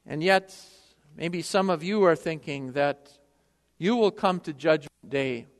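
A man preaching a sermon with passion, swinging between loud appeals and hushed prayer. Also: a little high, a little slow, in a large hall.

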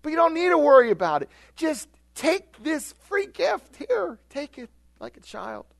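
A man voicing a kindly, gentle Jesus who speaks softly and reassuringly. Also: very high voice, very animated, unhurried, gravelly, no echo, studio quality, pitched above the performer's own voice, exaggerated voice.

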